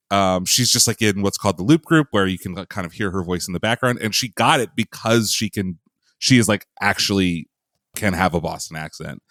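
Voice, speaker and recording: A man's voice: fairly low pitch, fairly bright tone, no room sound, studio quality. A man co-hosting a film podcast in casual chat, friendly and jokey. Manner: friendly, jokey, some restarts. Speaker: podcast co-host.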